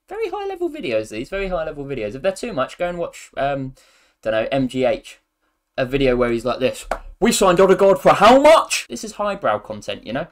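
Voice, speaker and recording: A man giving casual, joking commentary over a football video game, rambling and poking fun at himself. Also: mid-range voice. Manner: animated, jokey, rambling and self-mocking. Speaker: gaming YouTuber.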